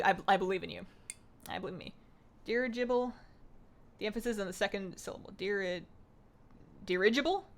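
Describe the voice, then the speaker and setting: A young woman of Greek heritage is livestreaming a game, her mid-range voice slightly bright. She chats casually and reads viewers' messages aloud, answering them in a bubbly, rambling way.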